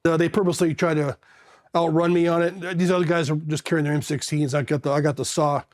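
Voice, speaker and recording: A man in his fifties from California with a notably high voice for a man, recounting his years as a Marine. He rambles and circles back, blunt and casual, and drops a curse word without a second thought. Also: steady tone, fast. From California, USA. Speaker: Marine veteran. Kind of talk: candid storytelling.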